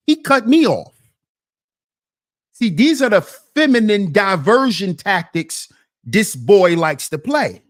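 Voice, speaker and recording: Male stream host with an indignant, preachy delivery, slow and very animated. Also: high-pitched. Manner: indignant, preachy, rhetorical questions to his chat. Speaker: commentary channel host. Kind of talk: reaction commentary to a debate clip.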